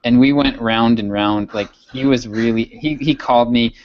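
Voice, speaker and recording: A man's voice: mid-range voice, fairly even intonation, moderate pace. A man co-hosting a podcast, telling a rambling story in casual chat and laughing often. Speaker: podcast co-host. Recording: dull, dry lo-fi sound.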